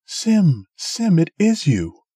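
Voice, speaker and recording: A man voicing a frail, trembling old woman, shrill and pleading, in a storybook reading. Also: huge pitch swings, slow pace, warm tone, husky, no room sound, studio quality, heavily acted. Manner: shrill, high-pitched pleading.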